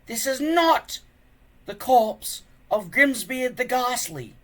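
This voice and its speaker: A man voicing a wise, very old man in a storybook reading, slow and drawn-out. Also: very high voice, big pitch swings, a bit bright, pitched above the performer's own voice, full character voice. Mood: calm. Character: ancient wise old man, calm but exasperated.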